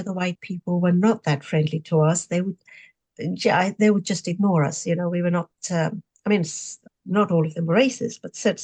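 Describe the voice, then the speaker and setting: A woman in her sixties from Zimbabwe tells her life story as a podcast guest. Her voice sits a little low for a woman, and she talks in a lively, reflective way with plenty of "um"s and "you know"s. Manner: animated, reflective storyteller with many fillers. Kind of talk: storytelling interview answers.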